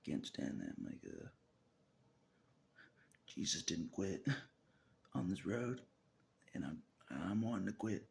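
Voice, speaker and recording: A man talking in an unscripted personal monologue, repeating phrases for emphasis, swearing often and swinging between loud declarations and muttered whispers. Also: sits low, huge pitch swings, slow, creaky, long pauses. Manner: swears often and laughs to himself. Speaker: vlogger.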